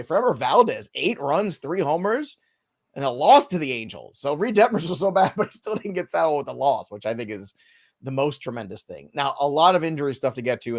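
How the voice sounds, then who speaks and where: A man hosting a live fantasy baseball podcast, running through injury news with dry sarcastic asides. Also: medium pitch. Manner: wry, sarcastic, quick rundown of injury news.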